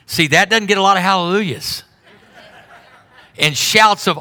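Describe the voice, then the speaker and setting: A middle-aged male pastor preaching a sermon in a conversational way, dropping low and quiet, then rising sharply. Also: normal speed. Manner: conversational preaching with sudden drops and rises in volume.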